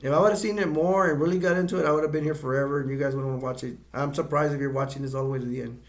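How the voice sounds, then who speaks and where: A middle-aged man giving a casual, rambling movie review, halting often and restarting his sentences. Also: on the high side, steady tone.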